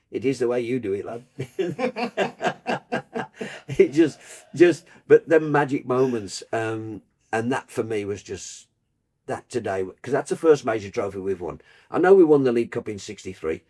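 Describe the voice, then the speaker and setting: An older man from Birmingham, England, a football broadcaster telling lively anecdotes in a podcast chat and acting out the people in his stories. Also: fairly low pitch. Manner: animated storyteller, acts out voices in his tales.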